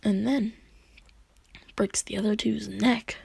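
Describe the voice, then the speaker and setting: A woman casually telling a rambling fan story, dropping into whispers and quick voices for the characters. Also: medium pitch, steady tone, vocal fry, a little mellow, husky, no room sound.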